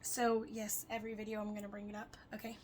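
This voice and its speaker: A young woman chatting casually to her camera, rambling and swearing, her voice swinging between loud and soft as she jumps between topics. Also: medium pitch, monotone, fast talker, a little hiss or hum, rough recording. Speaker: vlogger.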